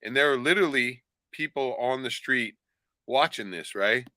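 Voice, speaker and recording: A man's voice: medium pitch, normal speed, pushed and bright, no echo. A man on a casual podcast, rambling and swearing a lot, often tagging lines with "right?". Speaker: podcast co-host. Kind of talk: casual profane chat.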